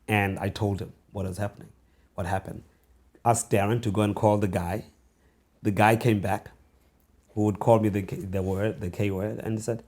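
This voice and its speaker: A South African man in his forties, an author being interviewed, telling stories from his childhood in a reflective way, with restarts and pauses. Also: fairly low pitch. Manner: reflective, halting restarts, slowing into hushed storytelling. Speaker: author and guest. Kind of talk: conversational interview storytelling.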